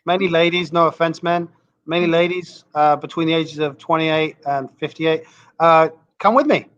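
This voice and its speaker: A man's voice: fairly high pitch, fairly even intonation, normal speed, a bit bright, clear, resonant tone, dull audio. A man, a guest on a live interview, cheeky and flirtatious with a chuckle. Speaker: guest, club manager. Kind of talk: casual interview chat.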